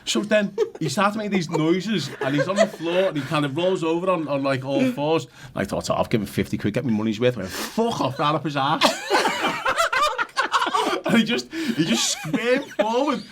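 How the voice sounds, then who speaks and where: A man's voice: on the high side, wildly swooping pitch, a little fast, few pauses, very noisy. A middle-aged man, a podcast guest telling rambling, sweary anecdotes full of "you know what I mean". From Liverpool, England. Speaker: podcast guest, former goalkeeper. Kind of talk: casual storytelling chat.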